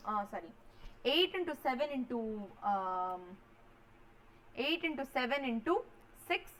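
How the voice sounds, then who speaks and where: A woman's voice: high-pitched, fairly bright tone, low-quality recording. A woman, teaching a maths revision lecture and walking students through each step, often checking they follow. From India.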